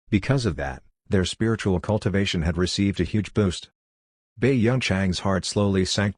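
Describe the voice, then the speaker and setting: A man narrating a fantasy audiobook in a steady, even reading. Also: low voice, no echo, clean studio sound. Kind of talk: scripted narration.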